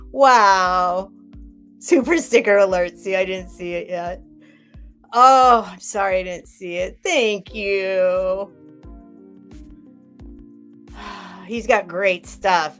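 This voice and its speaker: A woman hosting a live sale stream, rambling in a chatty way and gushing thanks at her viewers. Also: medium pitch.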